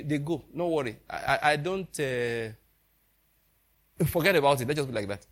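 A man preaching a sermon in a loose, conversational way, often breaking into laughter as he tells stories. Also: fairly high pitch. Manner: laughs often, chuckling storyteller. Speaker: pastor.

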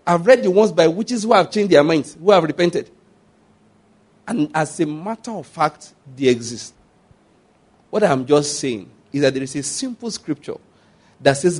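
A man's voice: high-pitched, slightly rough. A middle-aged Nigerian-accented man preaching a sermon as a pastor, telling stories with animation, acting out scenes and repeating his points.

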